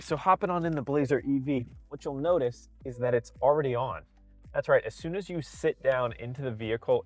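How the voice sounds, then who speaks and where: A man's voice: lowish voice, no room sound. A man casually walking through a car's features as a reviewer, listing each detail in a conversational way. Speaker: car reviewer. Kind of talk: casual product walkthrough. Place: in and around a car.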